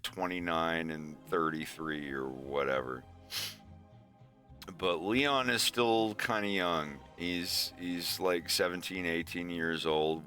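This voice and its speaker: A man's voice: deep voice, sharp tone, clean tone, no room sound. A man streaming casually, talking in a rambling, profane way. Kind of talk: casual chat.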